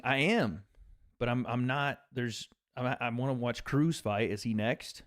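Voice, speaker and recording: Reading chat donations aloud from a couch at home, minus his regular setup, the Tennessee livestream host keeps things easygoing and profane with his viewers. His mid-range voice is a bit bright and moves at a measured pace. There's no echo, and the recording sounds clean, like a studio.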